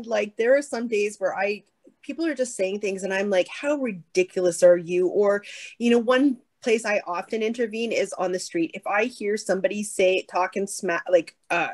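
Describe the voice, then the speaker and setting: Earnest, firm woman speaking on stage. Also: medium pitch. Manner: earnest, firm, lively with laughs. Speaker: keynote speaker. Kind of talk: conversational answer on stage.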